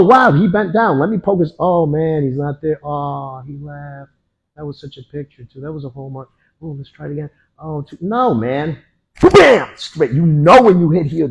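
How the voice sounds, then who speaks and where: A man teaching a martial arts class, walking students through moves and punctuating each strike with sounds like boom and bang. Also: gravelly, darkish tone, breathy edge, low-quality recording. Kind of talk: hands-on demonstration to a class.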